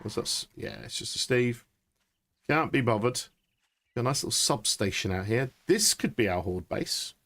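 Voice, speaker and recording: A man, chatting excitably and thinking aloud during live gameplay commentary. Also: medium pitch, moderate pace. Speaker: streamer.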